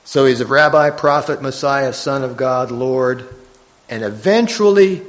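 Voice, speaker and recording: A man preaching a sermon, reading scripture slowly and emphatically, with frequent restarts. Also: mid-range voice. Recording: dull lo-fi recording.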